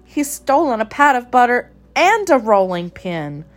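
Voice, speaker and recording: A worried little kitten blurts out his report in a raised, higher voice, as a woman reading a storybook puts him on. He sounds small and eager. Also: big pitch swings, unhurried. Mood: alarmed. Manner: crying out, tattling.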